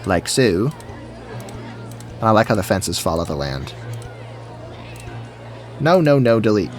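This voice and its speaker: A man's voice: lowish voice, big pitch swings, slow pace, faint music behind, some chatter behind. A man giving casual, goofy commentary while building in a game, chatting to himself as he goes. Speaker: gaming video creator. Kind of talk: casual let's-play commentary.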